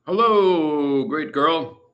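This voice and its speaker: A man's voice: a little high, animated, extremely slow, a bit bright. A man from Canada chatting casually on a livestream, reading viewer comments and rambling with many fillers. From British Columbia, Canada. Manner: chatty, rambling, lots of "you know" and "uh". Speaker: livestream host. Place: hot room at home with a fan.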